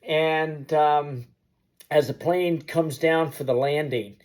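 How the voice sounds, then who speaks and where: Speaking slowly with a slightly high, slightly mellow voice and fairly even intonation, a motivational storyteller shares a personal anecdote to the camera. He tells it vividly, full of sound effects, aiming to inspire.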